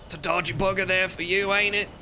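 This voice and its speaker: A streamer doing a strained, exaggerated British ghoul voice while bantering with chat. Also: male voice, sits high, little pitch movement, fast, noisy background, pitched above the performer's own voice, natural voice. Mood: cheeky. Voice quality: bright, strained put-on accent. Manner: teasing, chummy banter with chat. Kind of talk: live game stream.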